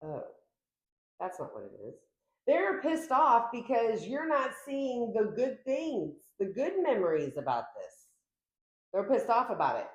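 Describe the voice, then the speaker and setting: A woman's voice: very animated, measured pace. A woman giving a casual tarot reading to the camera, chatty and emphatic, filming herself at home. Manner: chatty, emphatic, acts out quoted lines with big pitch jumps. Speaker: tarot reader. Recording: echoey room.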